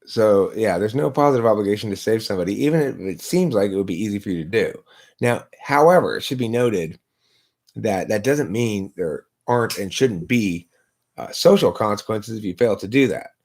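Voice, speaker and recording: A man's voice: fairly low pitch, lively intonation, fairly quick, a little mellow. Argumentative man hosting a live stream. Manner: argumentative, lecturing, rhetorical questions. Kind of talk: casual philosophical debate. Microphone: laptop.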